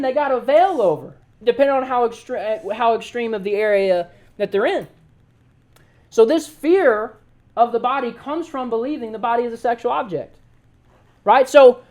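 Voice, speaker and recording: A man giving an animated, joking sermon to a youth group as youth pastor, often telling the crowd to listen. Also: very high-pitched. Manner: casual everyday slang.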